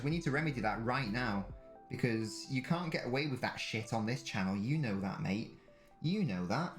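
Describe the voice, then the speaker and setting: Young male streamer, chatty and jokey, mid-pitched, faint music behind. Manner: chatty, jokey, reads chat aloud. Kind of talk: casual live-stream chat.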